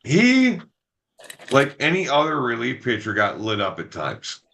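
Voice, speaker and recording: Profane, animated man telling stories. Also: medium pitch, unhurried. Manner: profane, animated storyteller, acts out quotes. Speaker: podcast co-host. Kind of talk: casual chat, storytelling.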